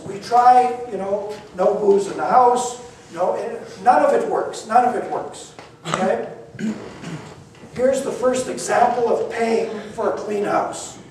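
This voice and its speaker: An older man with a high voice tells a story to a live audience in an animated, blunt, wry way. He is picked up from far off, and the room rings with heavy echo. A faint room hum sits underneath. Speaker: speaker telling a story to an audience. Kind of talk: lively spoken storytelling. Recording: very echoey, mic far off, faint ambience.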